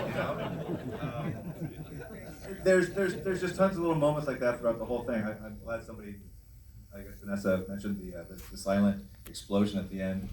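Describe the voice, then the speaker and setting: A man, a filmmaker on a convention panel, talking in a halting, enthusiastic way with many restarts. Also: fairly low pitch. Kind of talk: casual panel talk. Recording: echoey hall, distant mic, faint noise.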